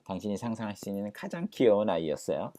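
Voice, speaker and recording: A Korean-accented man runs an English lesson. He repeats each phrase slowly, then rushes through his Korean explanation in a fairly low voice with a very lively, rising and falling pitch. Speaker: English teacher.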